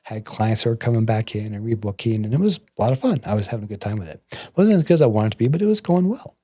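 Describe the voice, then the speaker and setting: A man, a massage therapist and energy bodyworker, telling stories as a guest in a casual interview and acting out the quotes with lively jumps in his voice. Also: fast talker, no echo. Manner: animated, acts out quotes with jumps in pitch.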